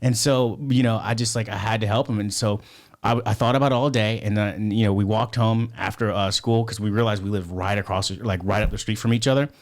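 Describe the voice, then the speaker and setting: Low-voiced man telling a rambling story. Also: fairly even intonation, fairly quick. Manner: rambling, profane, many fillers and restarts. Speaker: podcast guest. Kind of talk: casual storytelling.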